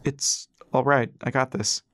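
A man's voice: medium pitch, fairly even intonation, a little slow, a bit bright, no room sound, clean studio sound, lightly acted. A man voicing a cocky young male adventurer who makes wry jokes. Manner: wisecracking.

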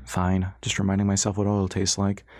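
A man's voice: low-pitched, monotone, moderate pace, a little mellow, no room sound, clean studio sound, natural voice. Ras, a man playing a wry young mechanic.

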